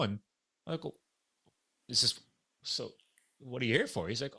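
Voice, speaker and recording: A man's voice: mid-range voice, moderate pace, vocal fry, pauses often, husky. A middle-aged man hosting a podcast, telling a story in casual chat and acting out the quoted dialogue. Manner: animated, acts out quoted dialogue. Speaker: podcast host.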